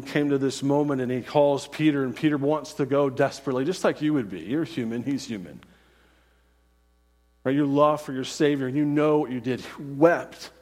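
A man preaches with earnest insistence, circling back on phrases and checking in with "right?" His voice sits at an ordinary middle pitch. A long reverb trails each word through the sanctuary. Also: darkish tone. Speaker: pastor. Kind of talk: sermon.

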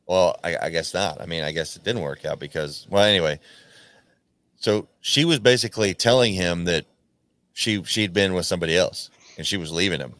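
A man with a lowish voice tells a long, rambling story in casual chat, swearing freely and tripping over his restarts. He jumps into a higher, louder voice when he acts out quoted lines. The recording is dry and close, with no room sound. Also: dry recording. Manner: rambling and profane, with frequent restarts. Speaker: podcast host.

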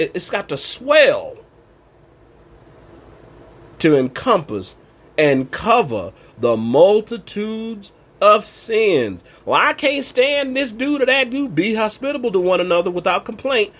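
A man's voice: sits high, a bit bright, husky. A man giving an informal sermon, preaching in an emphatic, colloquial way. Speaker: Bible teacher.

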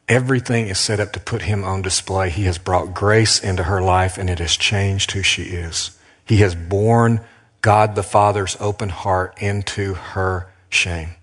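A deep-voiced man preaching a sermon as a pastor, earnest and emphatic. He slows down and leans on his words with dramatic pauses. His voice carries a long reverb, as in a church hall. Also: a bit bright.

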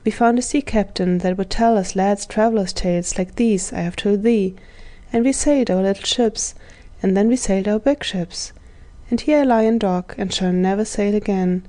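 Woman voicing a courtly old gentleman prisoner. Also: mid-range voice, moderate pace, lightly acted. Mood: nostalgic. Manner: archaic courtly speech.

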